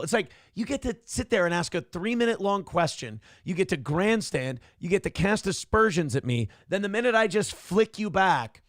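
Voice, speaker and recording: A man hosting a livestream show, giving loud, mocking commentary on news clips and reading from the chat. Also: high voice, animated, normal speed, hardly any pauses, no room sound, clean studio sound. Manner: loud, mocking, swings into shouted impressions. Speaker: show host.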